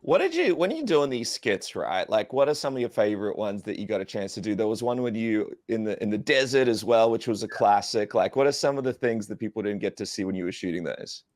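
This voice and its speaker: A man's voice: fairly low pitch, very animated, fairly quick, few pauses, darkish tone. A man hosting a podcast in casual, jokey banter. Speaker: podcast host. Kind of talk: casual chat.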